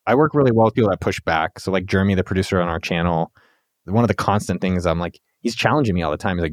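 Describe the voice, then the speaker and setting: A man's voice: low-pitched, racing, dry recording, studio quality. A man hosting a podcast, talking in an upbeat, slangy, casual way with his guest. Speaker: podcast host.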